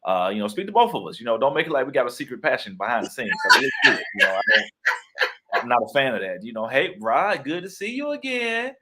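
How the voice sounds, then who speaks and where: A man's voice: mid-range voice, animated, quick pace, heavy background noise. A young adult man in a casual interview, telling playful stories and acting out the voices of the people in them. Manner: playful storyteller, acts out quoted voices. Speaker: guest author and actor.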